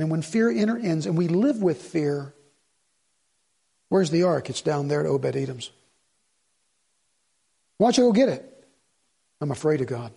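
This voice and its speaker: A male pastor delivers a sermon in a gravelly, husky voice pitched a little high. He tells his stories animatedly and acts out both sides of the conversations he recounts. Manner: animated storytelling, acting out dialogue.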